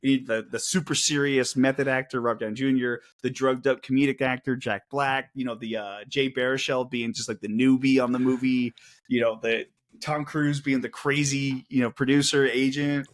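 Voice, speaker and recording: A man co-hosting a podcast, excitedly retelling movie scenes in casual chat. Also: medium pitch, normal speed. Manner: excited, acts out quotes in raised voices. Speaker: podcast co-host.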